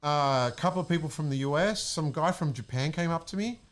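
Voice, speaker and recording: A young man from Australia, telling an excited story in a casual chat and acting out what people said. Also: a little high, brisk. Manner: excited, animated, acts out quotes. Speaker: guest, music producer.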